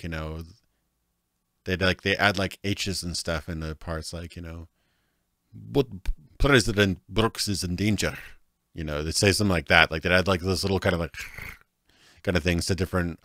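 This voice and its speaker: A man's voice: sits low, bright, forceful tone, no room sound, clean studio sound. A man casually commenting as he streams a video game, rambling, laughing often and saying "like" a lot.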